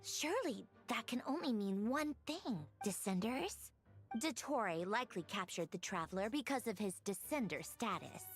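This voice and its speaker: Game researcher, female, formal and measured, lively pitch, voiced by a woman. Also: faint music behind, close to an everyday voice. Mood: pensive. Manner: measured, formal, theorizing aloud. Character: scholarly woman researcher, brooding and intense. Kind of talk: game voice acting.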